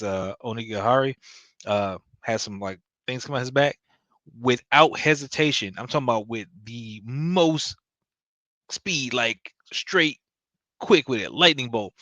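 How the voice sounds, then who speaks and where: A man with a fairly low voice recaps an episode in a loose, slangy way, tossing in quick acted-out lines from the characters. The sound is dry and close, with no room around it. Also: a bit bright, no room sound. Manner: loose, slangy storytelling with quick quoted asides. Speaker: anime recap host. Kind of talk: casual recap commentary.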